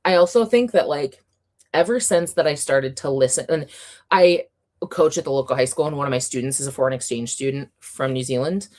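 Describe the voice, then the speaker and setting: A woman's voice: very deep voice, fairly quick, a little mellow. A woman hosting a casual livestream, chatting in an upbeat way and reading viewer comments aloud, with plenty of fillers and light laughs. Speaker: livestream host reading chat.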